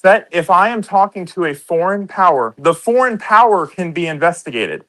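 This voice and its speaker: A combative man argues politics on a podcast, swearing freely and talking over his co-hosts. His voice sits a little high. He presses every point with force. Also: expressive, normal speed, bright, forceful tone, rough recording. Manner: combative, swears a lot, talks over others. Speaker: podcast co-host. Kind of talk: heated political debate.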